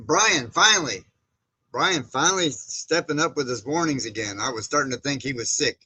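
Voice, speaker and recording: Bright-voiced man chatting on a livestream. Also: mid-range voice, animated, normal speed, slightly rough, rough recording. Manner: chatty, greets viewers and reads chat comments aloud; rambling with frequent fillers and restarts. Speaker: livestream host. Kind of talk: casual live-stream chat.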